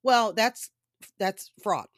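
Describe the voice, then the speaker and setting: A woman telling a story in casual commentary style, animated and often laughing, with profane asides. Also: medium pitch, takes it slowly, no echo, clean studio sound.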